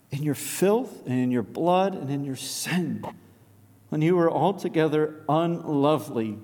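A man preaching a sermon in a large church, building to loud, high climaxes and falling to near whispers. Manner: impassioned, swelling loud and high then dropping to a near whisper. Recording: long reverb of a large hall.

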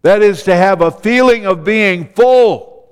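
A man preaching a sermon as pastor, slow and deliberate, repeating key phrases for emphasis. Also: high voice, clean tone, long reverb tail.

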